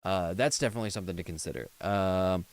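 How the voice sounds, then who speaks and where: A man's voice: deep voice, fast talker. Tired man giving rambling mixing tips. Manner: rambling, full of fillers and restarts, gives mixing tips. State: tired and yawning late at night. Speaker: streamer reviewing a viewer's song. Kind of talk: casual feedback chat on a livestream.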